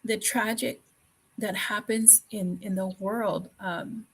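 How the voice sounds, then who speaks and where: Slow, husky-voiced woman talk show host. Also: medium pitch, steady tone, low-quality recording. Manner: earnest, repeats phrases, frequent fillers and laughs. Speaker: podcast host. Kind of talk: conversational talk show chat.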